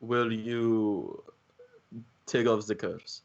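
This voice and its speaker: A man making his case in a tabletop game, calm and measured as he tries to persuade. His voice sits low. The audio is dull and lo-fi. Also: gravelly, slight background noise. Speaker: player.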